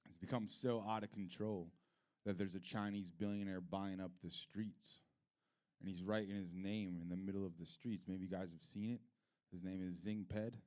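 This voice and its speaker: A middle-aged male comedian works through a loose stand-up set at a live comedy club. He swears freely and wanders between topics. His voice jumps from loud, high rants down to low, quiet mutters. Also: fairly even intonation, moderate pace. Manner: profane, rambling, swings from loud rants to mutters.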